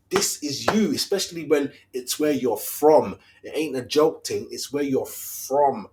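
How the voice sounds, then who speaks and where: Animated man ranting as a football fan. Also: medium pitch, unhurried, few pauses, slight background noise. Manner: animated, slangy, rhetorical questions. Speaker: fan channel host. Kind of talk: casual fan rant.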